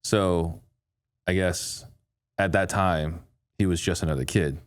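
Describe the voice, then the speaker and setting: Male podcast host, low voice, short direct questions. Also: takes it slowly. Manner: brief, steady backchannels and short direct questions. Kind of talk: interview questions and brief acknowledgments.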